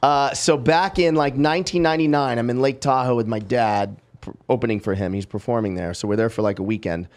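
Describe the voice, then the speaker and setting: A middle-aged man hosting a podcast, telling a long story in a lively, casual way and acting out the people in it. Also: mid-range voice, brisk, few pauses. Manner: lively storyteller, acts out quotes, swears freely. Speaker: podcast host.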